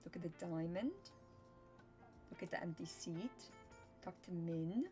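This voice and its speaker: A woman's voice: lowish voice, measured pace, warm tone, soft background music. A woman streamer chatting casually and giggling while she plays and thinks aloud. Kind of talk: casual game commentary.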